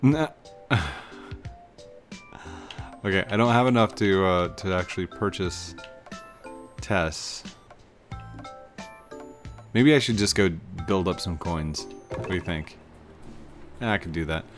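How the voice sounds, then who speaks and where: Over game music, a man hosts a laid-back let's-play, rambling on and making self-deprecating remarks as he plays. He talks slowly in a low-pitched voice and pauses often.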